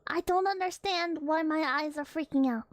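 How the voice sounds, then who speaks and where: A woman's voice: sits high, moderate pace, no echo. A young woman streamer reading a horror story aloud between chat to viewers, flustered and giggly, stumbling over words.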